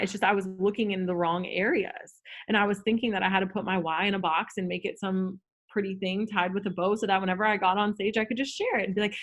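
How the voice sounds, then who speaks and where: A woman's voice: medium pitch, a bit bright. A woman talking casually on a video call, full of "like" and "um" fillers. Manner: chatty, lots of "like" and "um" fillers. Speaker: guest. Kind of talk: casual Zoom chat.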